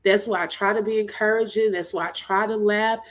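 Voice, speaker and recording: A woman's voice: mid-range voice, fairly even intonation, fairly quick. A woman hosting a livestream, speaking with a preaching cadence, laughing through tears. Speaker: livestream host. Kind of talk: emotional faith-filled livestream talk.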